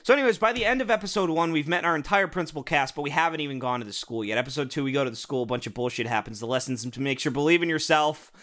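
Rapid-fire and fairly high-pitched, a young man's slightly bright voice barely pauses as he rants. He co-hosts a cartoon-review podcast, tearing into shows with sarcasm and plenty of profanity in a casual, jokey manner.

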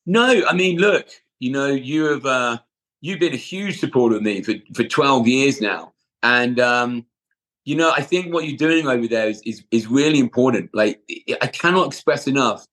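Husky-voiced male personal trainer. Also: mid-range voice, lively intonation, normal speed, a bit bright. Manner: earnest, rambling, with restarts and casual swearing. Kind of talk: casual interview chat.

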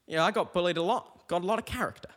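A young man riffs through a loose stand-up monologue, his voice sitting a little high. He delivers it deadpan and meandering, breaking off and restarting his thoughts. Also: rapid-fire. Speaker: stand-up comedian, podcast host. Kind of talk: rambling comic monologue.

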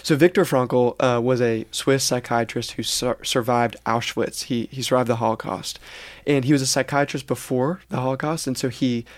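A man's voice: mid-range voice, fairly even intonation, normal speed, no echo. A man co-hosting a faith podcast, explaining ideas in an earnest, teaching way. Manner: earnest, explanatory, acts out quoted reactions. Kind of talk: reflective faith podcast talk.

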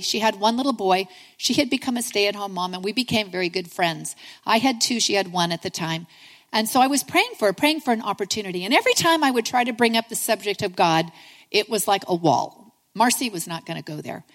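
A woman's voice: mid-range voice, expressive, fairly quick, long reverb tail. A middle-aged woman giving a sermon, telling a personal story in an earnest, conversational way and calling her listeners friends.

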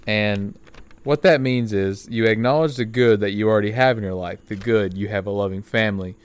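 A young man with a lowish, smooth and resonant voice talks through his solo podcast, recorded on a back porch outdoors. He rambles in a loose, friendly way, with plenty of fillers and restarts. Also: fairly quick. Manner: rambling and friendly, with many fillers and self-corrections. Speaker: podcast host. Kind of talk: casual solo podcast talk.

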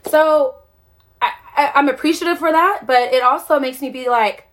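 A woman's voice: sits high, moderate pace, fairly bright tone. A woman network marketer speaking live to her followers on a phone, passionate and emphatic, asking one rhetorical question after another. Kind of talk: emotional livestream rant.

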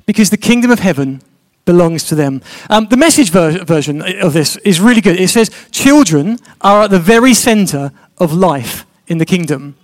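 A man's voice: high voice, lively intonation, normal speed, hardly any pauses. A man preaching a sermon, chatty and joking with his congregation.

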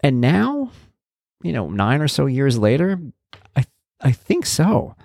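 A man's voice: medium pitch, wildly swooping pitch, takes it slowly, vocal fry, a little mellow, no room sound, clean studio sound. A man, a parent blogger, talking in a rambling, conversational way with wry, blunt humor. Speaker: parent blogger talking about his son. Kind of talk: casual spoken monologue.

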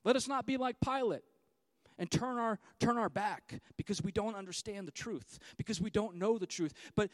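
A man in his thirties preaching a sermon, swinging between loud, fiery declarations and hushed, quiet stretches. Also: high-pitched, moderate pace, no echo. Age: 30s. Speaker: pastor.

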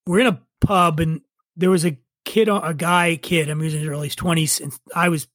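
In a casual storytelling chat, a podcast guest in his forties wanders through a tale, dropping profane and wry comments along the way. His fairly high, fairly bright voice stays steady at a moderate pace on a dry recording.

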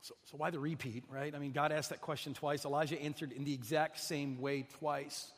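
A man preaching a sermon, shifting from a soft, hushed delivery to loud, pleading emphasis, often repeating and restarting his words. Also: on the high side, fairly even intonation, a little fast. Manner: dramatic swings from soft near-whisper to loud pleading. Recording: long hall reverb.

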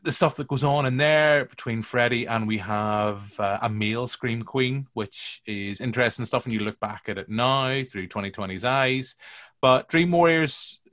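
A man's voice: lowish voice, a bit bright. A man hosting a casual film review podcast, teasing his guests and rambling through long opinions. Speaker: podcast host.

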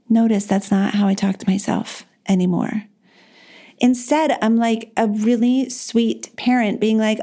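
A woman's voice: mid-range voice, a little slow, dark tone. A woman hosting a solo advice podcast, talking in an earnest, encouraging and self-deprecating way. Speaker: podcast host.

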